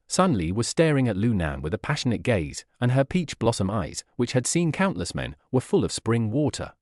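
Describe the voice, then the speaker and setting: A man reading a web novel aloud as a narrator, at an even, steady pace with little change between characters. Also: medium pitch, normal speed, dry recording, studio quality.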